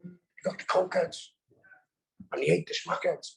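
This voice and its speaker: A man's voice: high-pitched, level tone, normal speed, creaky, poor audio. A man with a Scouse accent from Birkenhead, telling his story candidly and bluntly at a live recovery workshop, swearing freely. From Birkenhead, England. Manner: blunt and profane, heavy swearing. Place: live convention hall.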